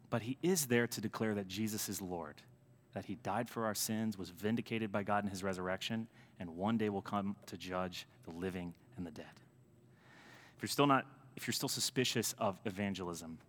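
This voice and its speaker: Bright, forceful American priest preaching. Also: male voice, mid-range voice. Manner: animated storytelling with emphatic swings in loudness. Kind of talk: sermon. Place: church sanctuary. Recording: long church reverb.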